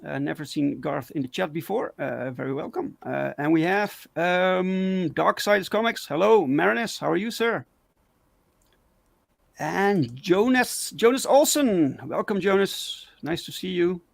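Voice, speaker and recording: A man hosting a casual livestream chat, excitable and full of fillers and restarts. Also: sits high, a little slow, vocal fry, no room sound. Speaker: talk show host.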